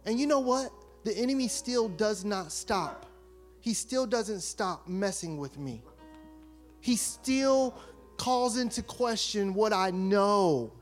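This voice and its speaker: A man giving a fervent testimony sermon, acting out the people in his story and rising to loud, forceful bursts. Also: sits high, expressive, slow, soft background music. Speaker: preacher.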